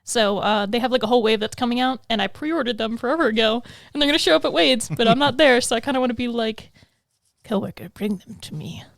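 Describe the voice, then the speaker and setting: A woman's voice: a little high, fast, gravelly, few pauses, a bit bright, dry recording. A woman co-hosting a podcast in casual, rambling chat, laughing often, recorded on a stand mic in a small studio. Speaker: podcast co-host.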